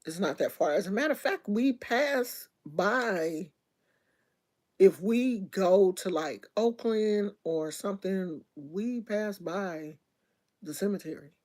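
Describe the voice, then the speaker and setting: A woman's voice: mid-range voice, expressive, slow pace, a little mellow. A middle-aged woman chatting casually to viewers on a livestream, telling stories in loose slangy speech with lots of restarts. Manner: chatty, storytelling, talks to viewers directly. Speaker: livestream host.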